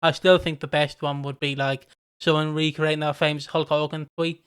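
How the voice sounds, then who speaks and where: A podcast co-host in casual chat, telling animated anecdotes with lots of laughter and mimicked voices, then signing off the episode. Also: medium pitch, moderate pace, smooth.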